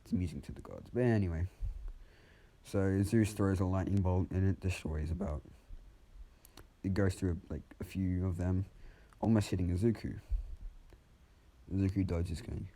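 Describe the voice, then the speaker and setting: A man improvising a fan story out loud in a casual, rambling way, with many restarts and some swearing. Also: deep voice, normal speed.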